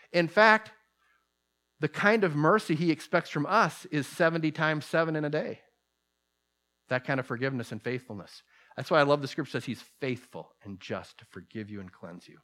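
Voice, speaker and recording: A man preaching a sermon, who rises to loud, emphatic peaks and then drops to soft, low asides.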